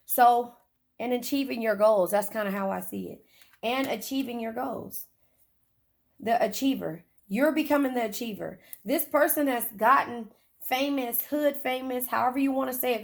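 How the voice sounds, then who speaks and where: A woman with a somewhat high, gravelly voice reads tarot cards in a car. She talks straight to her viewers in a blunt, profane and chatty way. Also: moderate pace. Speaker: tarot reader. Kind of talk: casual tarot reading.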